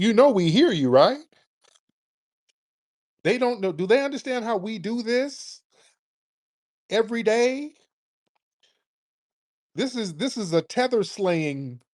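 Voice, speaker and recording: A middle-aged man holds forth as a radio host, cutting in with repeated "no, no" and mimicking callers. His voice sits high and leaps widely in pitch. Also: a little mellow. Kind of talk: commentary to listeners.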